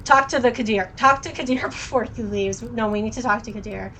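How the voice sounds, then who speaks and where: A woman's voice: a little high, fairly quick, fairly bright tone, a little hiss or hum, rough recording. Chatty woman streamer reading a game. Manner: chatty, self-correcting, stumbles over names. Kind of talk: casual let's-play commentary and reading.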